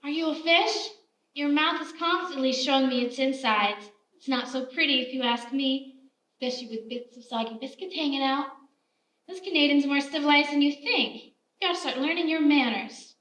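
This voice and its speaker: Brief: actress as a bossy, kindly old-time homemaker, high voice, roomy stage sound from a distance. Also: female voice, normal speed, fairly bright tone. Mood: chatty scolding. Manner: motherly, scolding, chatty. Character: kindly, bossy frontier woman baker. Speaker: stage actor. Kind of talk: live stage play acting. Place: theater stage. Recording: roomy theater stage, heard from afar.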